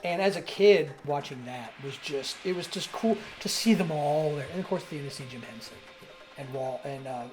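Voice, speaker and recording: A man co-hosting a podcast, telling a story in casual chat and acting out quotes with animated swings in his voice. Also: fairly high pitch, normal speed, music in the background. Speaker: podcast co-host.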